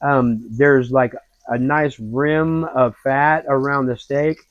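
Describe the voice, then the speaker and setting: An easygoing man narrates a home cooking session in a slow, unhurried drawl. His voice has a middling pitch. The sound is dry and slightly dull, like a lo-fi recording. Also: dry recording. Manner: relaxed, folksy, rambling with fillers. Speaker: cooking show host.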